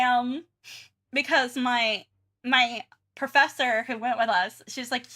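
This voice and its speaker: Bright, chatty woman streamer. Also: fairly high pitch, fairly even intonation, takes it slowly. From Southern United States. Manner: chatty and giggly, many restarts and fillers. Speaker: art streamer. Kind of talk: casual chat while drawing on stream.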